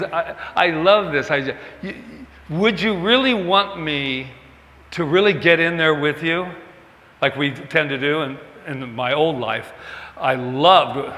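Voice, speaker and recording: A male minister preaches in a loose, conversational way, joking at his own expense and slipping into quoted back-and-forth. His voice is bright and slightly high. The sanctuary adds a long, ringing reverb. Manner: chatty, self-mocking, acts out quoted dialogue. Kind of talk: conversational sermon. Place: church sanctuary.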